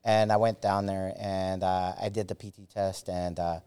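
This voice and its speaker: A man in his forties with a fairly low voice tells a story as a podcast guest. He talks in a casual, halting way, swearing often and restarting his sentences, with plenty of fillers. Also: little pitch movement, dark tone, clear, resonant tone. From United States. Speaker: former Army Ranger.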